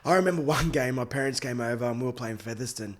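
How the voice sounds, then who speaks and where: A man's voice: medium pitch, fast talker. Laid-back Australian man telling stories. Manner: laid-back storytelling, slangy, laughs often. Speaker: podcast guest, former rugby league player. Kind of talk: casual chat.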